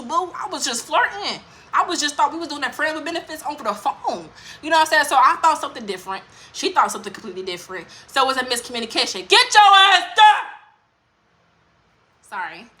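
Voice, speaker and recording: A woman's voice: a little high, sharp tone. A woman vlogger telling a personal story in a candid, rambling way, with lots of swearing and fillers. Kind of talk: casual storytime monologue.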